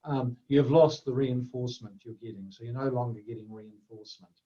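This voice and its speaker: A man's voice: medium pitch, steady tone, a little fast, dark tone. A man presenting a webinar lecture, conversational and full of fillers and restarts. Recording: dull lo-fi webinar audio.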